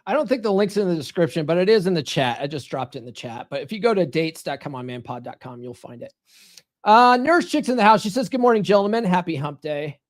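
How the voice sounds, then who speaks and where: A man's voice: high voice, fast talker. A man hosting a live podcast as a dating coach, chatting casually, reading viewer comments and swearing freely as he rambles through stories. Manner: profane, rambling, animated storytelling. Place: home studio.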